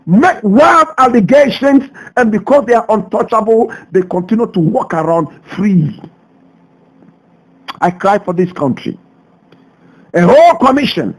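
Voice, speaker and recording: A Ghanaian man hosting a radio show, delivering a passionate commentary full of rhetorical questions, swinging between loud outbursts and low asides. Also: breathy edge, rough recording. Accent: Ghanaian English. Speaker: radio host. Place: radio studio.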